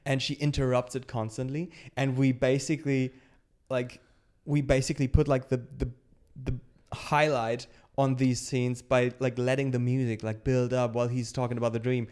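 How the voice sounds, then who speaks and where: A man hosting a casual chat, rambling and halting with frequent restarts and laughing often. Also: medium pitch, little pitch movement, darkish tone, clear, resonant tone. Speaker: show host.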